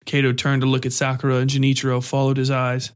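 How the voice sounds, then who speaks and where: Male narrator, steady even storybook read. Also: mid-range voice, fast, smooth.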